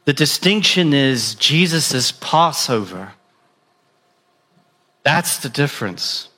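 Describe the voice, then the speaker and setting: A man voicing Jesus as a calm, knowing teacher, speaking slowly and solemnly in a lower voice. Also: full character voice. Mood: firm.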